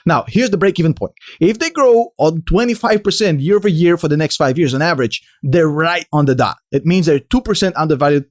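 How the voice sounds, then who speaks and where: A man with a delivery hosting a casual stock analysis vlog, confidently explaining and answering his own questions. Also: fairly high pitch. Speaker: finance video host.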